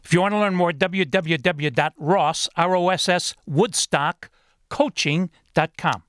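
A man hosting a radio talk show, measured and spelling out details slowly. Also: sits high, fairly bright tone, no room sound, studio quality.

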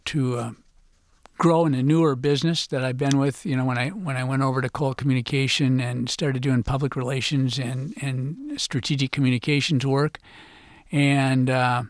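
Older guy in a radio interview, halting, trails off quiet, dry sound. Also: mid-range voice, steady tone, no room sound. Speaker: author and guest.

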